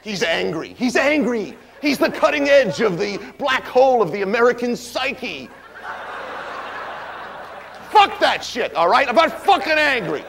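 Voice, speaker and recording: A man's voice: very high voice, sing-song, unhurried, vocal fry, a bit bright, slight background noise, heavily acted. A man playing a sneering, defiant stage ranter. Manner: sneering, defensive, mock-cheerful. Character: defiant, sarcastic male performer taunting the audience. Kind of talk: stage monologue character.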